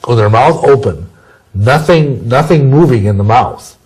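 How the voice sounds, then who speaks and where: A man's voice: medium pitch, animated, a little slow, darkish tone, husky, low-quality recording. A man giving an interview, talking in a rambling, conversational way with many restarts and homely sayings. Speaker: interview guest.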